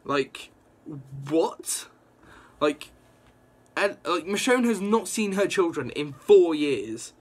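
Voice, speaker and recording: Excitable young man, slightly high voice. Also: slow. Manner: excitable, rambling with lots of "like". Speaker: comic book reviewer. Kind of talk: casual excited recap.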